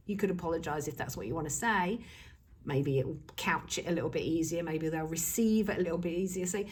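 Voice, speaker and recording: A woman's voice: fairly low pitch, fairly quick, slightly rough. A woman speaking as a self-help coach in an earnest, emphatic motivational talk, repeating key words for stress.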